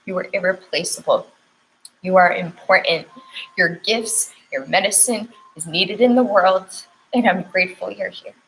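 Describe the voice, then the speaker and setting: A woman's voice: on the low side, normal speed, fairly bright tone, slight background noise, poor audio. A young woman giving a spiritual oracle card reading, speaking tenderly with affirmations and sounding close to tears.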